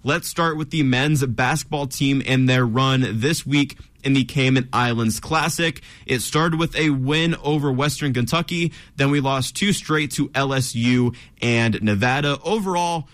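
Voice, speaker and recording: A man's voice: medium pitch, moderate pace, few pauses, a bit bright. A young man hosting a college radio sports talk show, running segment rundowns and teasing his co-hosts.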